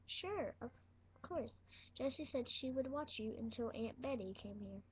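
A woman speaking softly and reassuringly as a parent figure in a toy role-play. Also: fairly high pitch, moderate pace, lo-fi sound, slight background noise.

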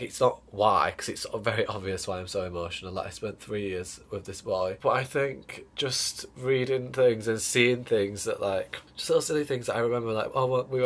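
A young man talks to his camera at home in a soft, confiding way, his nose stuffy from a cold and his voice tearful. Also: fairly low pitch. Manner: soft, confiding and emotional, with sighs. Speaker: vlogger. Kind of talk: casual talk to camera. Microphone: camera mic.

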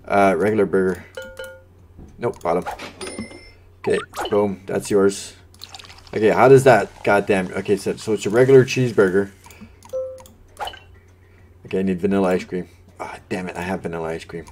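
A man's voice: low-pitched, moderate pace, long pauses, darkish tone, slight background noise. A man giving live commentary on a cooking game, talking to the customers, getting frantic and swearing under pressure. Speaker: gameplay streamer. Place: home gaming setup. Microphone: desk microphone.

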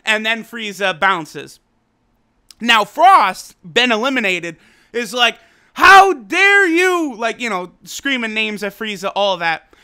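A man with a high, bright and forceful voice reviews an anime episode in a casual video, recapping loosely and excitably while swearing freely and laughing. His tone is smooth and clear, and he doesn't hurry.

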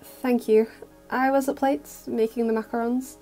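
A caring, slightly flustered teenage girl talks in a fan audio story, read by a woman. Her voice is fairly high and mellow, with quick fluster. The reading feels gentle. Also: fairly even intonation, soft background music, lightly acted.

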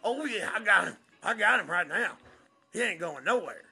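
A man puts on a boastful country angler for a comic fishing vlog, his gravelly voice pitched high and swooping wildly as he drawls and whoops. Bright and raspy at once, he talks out by the water into a handheld camera. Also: lively intonation, moderate pace, full character voice. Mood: hollering. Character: loud excitable country bass fisherman man. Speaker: angler showing his catches. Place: outdoors by the water.

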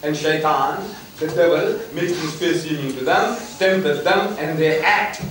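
Older male lecturer with a raised pitch, animated and rhetorical, recorded far off in a reverberant hall with faint hiss. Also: a little slow. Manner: animated, rhetorical, mocking tone with laughter. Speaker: lecturer on religion. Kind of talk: public lecture to students. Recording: echoey hall heard from afar with faint noise.

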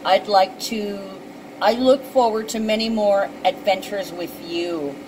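Woman, casual tarot reader, emotional, chatty, salty language; mid-pitched voice. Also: measured pace, background noise. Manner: chatty and emotional, swearing freely. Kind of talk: casual intuitive card reading.

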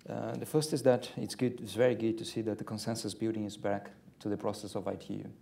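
A man speaking as a panelist in a policy discussion. His voice is low, dark and gravelly, and he talks in a hesitant, halting way over a faint rumble. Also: flat delivery.

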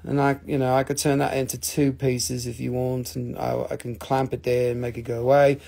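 A man hosting a casual live-stream sale, excitable and joking with viewers, swearing freely. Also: medium pitch, normal speed, creaky. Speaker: live-stream mineral seller.

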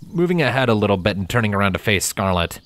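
A man reading a fan fiction story aloud as narrator, steady and dramatic. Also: on the low side, quick pace, no room sound. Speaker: fanfiction reader. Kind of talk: audiobook narration. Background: background music.

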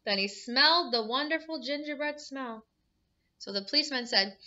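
Woman teacher, picture-book read-aloud, animated, quizzing kids, slightly high voice, muffled recording. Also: moderate pace. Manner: animated, asks the listeners questions.

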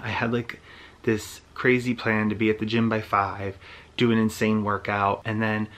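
A young man chatting casually in a home vlog, relaxed and quietly upbeat. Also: on the low side, normal speed. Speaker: vlogger.

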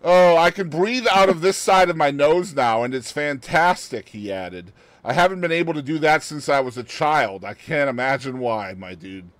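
Lively, high-voiced male podcast host. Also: moderate pace, few pauses, dry recording. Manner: animated storyteller who laughs and adds joking asides. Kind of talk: casual podcast chat, reading out a news story.

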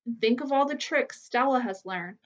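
A woman reading a children's novel aloud with steady, clear storytelling. Her voice sits a touch high, and the recording is slightly muffled and lo-fi. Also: moderate pace, distant mic.

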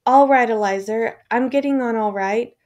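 A woman's voice: a little high, moderate pace, a little mellow, close to an everyday voice. A woman voicing an exhausted young male violinist in a storybook reading, speaking weakly and short of breath. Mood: weary, afraid. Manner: weak, breathless.

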